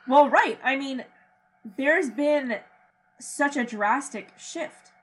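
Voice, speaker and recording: A young woman co-hosting a podcast in casual chat, animated, laughing often and swearing freely. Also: high voice, slow. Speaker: podcast co-host.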